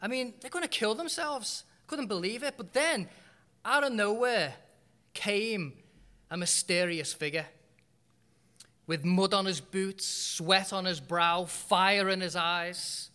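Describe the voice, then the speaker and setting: A man delivers a sermon in a high, bright voice. He tells stories with humor and leaves dramatic pauses. A long reverb trails after his words, as in a church hall. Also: smooth. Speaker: preacher.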